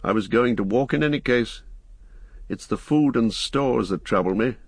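A man voicing a grave, watchful ranger in an audiobook, speaking in a low, measured, steady way. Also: slightly rough, dry recording. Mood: thoughtful. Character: grave, watchful male ranger, calm and commanding. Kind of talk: audiobook character voice.

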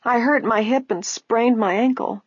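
A frail, stubborn old woman in a storybook, her voice high and quavering, as a woman reader puts her on. The sound is dull and lo-fi, dry and close, with a husky edge. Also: measured pace, no echo. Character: frail, proud old woman, injured and poor.

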